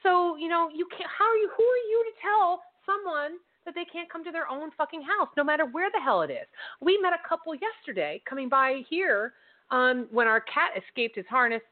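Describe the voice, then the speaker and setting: A woman's voice: high voice, expressive, fairly quick. Chatty woman on a tinny line. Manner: chatty, swears freely, many fillers and restarts. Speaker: co-host. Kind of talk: casual political chat. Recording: phone-like narrow sound.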